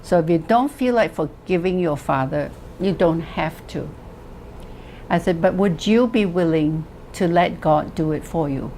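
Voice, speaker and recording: A woman therapist recounts a story from her practice in a slow, measured, earnest way. Her voice sits a little low, with thoughtful pauses. A faint hiss sits under the recording. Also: darkish tone, rough recording. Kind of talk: storytelling talk.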